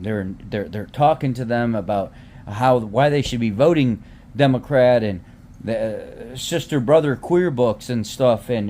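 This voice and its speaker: Heated ranting man, dark low voice. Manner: heated, repetitive, swears freely; restarts and repeats words. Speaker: vlogger. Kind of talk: casual rant to camera.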